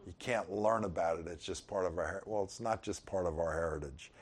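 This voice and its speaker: Low-voiced man preaching casually. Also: brisk, slightly rough. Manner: conversational, chuckling asides. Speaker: pastor. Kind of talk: informal sermon.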